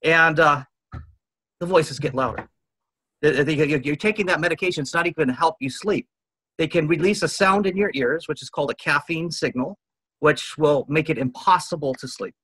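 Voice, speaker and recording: A man's voice: on the high side, normal speed, a bit bright, slightly rough, dry recording, low-quality recording. A man in his fifties, a guest telling his story in an interview, earnest and rambling, often quoting what others said. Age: 50s.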